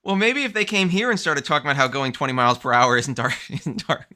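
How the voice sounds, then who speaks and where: A man hosting a casual livestream chat, animated, repeating himself and laughing often. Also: medium pitch, fast talker. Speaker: host.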